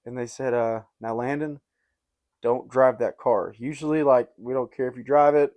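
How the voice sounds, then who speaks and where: A man, a podcast host telling a rambling, animated story in casual chat. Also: mid-range voice, moderate pace. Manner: rambling and animated, uses "dude" and "like" a lot.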